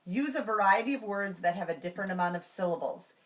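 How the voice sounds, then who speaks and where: A woman calmly explaining classroom routines step by step, slowing down to sound out example words. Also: medium pitch, far from the mic. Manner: clear, measured, slows to sound out example words. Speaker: teacher trainer. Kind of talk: instructional walkthrough.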